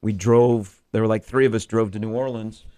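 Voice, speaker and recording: A man's voice: lowish voice, fairly even intonation, moderate pace, dark tone, clean tone. Chatty male sports radio host. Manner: rambling, many filler words. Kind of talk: casual sports talk radio.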